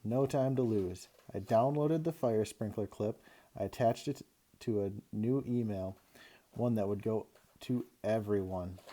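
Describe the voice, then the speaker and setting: A male teacher reading a children's chapter book aloud to his class with expressive storytelling. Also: on the low side, a little slow.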